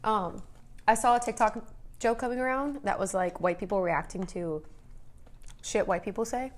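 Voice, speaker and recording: A woman's voice: mid-range voice, moderate pace. A young woman co-hosting a casual eating video, chatting and giggling a lot, with many filler "likes". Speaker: co-host. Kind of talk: casual chat while eating. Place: indoors, on a couch.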